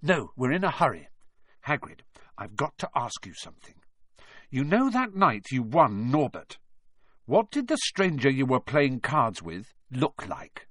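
An anxious schoolboy wizard presses his point in an urgent, rising voice, as a man reading a storybook puts him on. His pitch moves a lot. The recording is close and dry. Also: wildly swooping pitch, unhurried, fairly bright tone, no room sound, heavily acted. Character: worried young schoolboy wizard.

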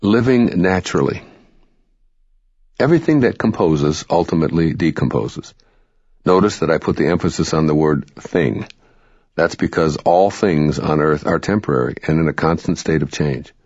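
A man reading spiritual self-help narration in a calm, measured, instructive way. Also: extremely low pitch, slightly rough, dry recording. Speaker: audiobook narrator. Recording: dry, dull lo-fi recording.

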